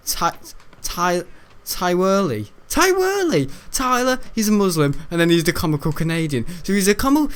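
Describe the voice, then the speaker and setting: A British man rambling through casual gaming commentary, chuckling often and jumping up in pitch when he's incredulous. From United Kingdom. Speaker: gaming YouTuber.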